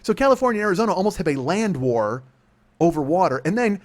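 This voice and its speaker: A man in his forties rattles through a profane comedy rant at a quick clip. His voice sits a bit high for a man and swings widely up and down. He rambles and laughs through his own bits as the podcast host. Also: sing-song. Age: 40s.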